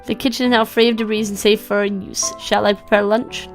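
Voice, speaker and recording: A woman's voice: mid-range voice, little pitch movement, brisk, faint music behind, lightly acted. A woman voicing a polite, formal male robot butler while reading a visual novel aloud, with stiff diction. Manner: stiff formal diction, stumbles over words when reading.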